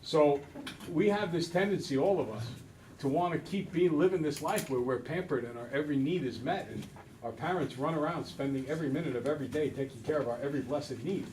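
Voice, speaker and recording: A man's voice: a little high, a little fast, distant mic, a little hiss or hum, poor audio. A man teaching a math class, talking to students and acting out little scenes as he goes. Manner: animated storyteller, acts out voices. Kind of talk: classroom lecture.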